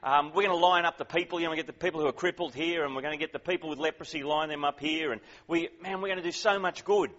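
A man voicing an excited, eager male disciple who rattles off plans in a rushed, pleading way. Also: mid-range voice, slightly rough, long reverb tail, highs cut off, heavily acted.

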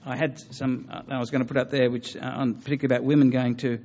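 Earnest, halting man lecturing. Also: mid-range voice, flat delivery, darkish tone, dull audio. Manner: earnest, halting, with many fillers and restarts. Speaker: lecturer on religion. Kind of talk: public talk with audience questions.

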